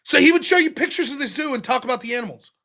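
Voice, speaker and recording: A young man hosts a call-in show with a high, bright voice that jumps all over the place. He tells stories in a profane, animated way, slipping into mocking voices for the people he quotes. His delivery stays lively and full of swearing. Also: racing, gravelly. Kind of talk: casual call-in chat.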